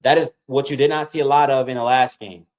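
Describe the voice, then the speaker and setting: At a quick pace and a mid-range pitch, this man excitably calls basketball play-by-play during a casual watch-along. He talks directly to viewers and repeatedly calls them "y'all."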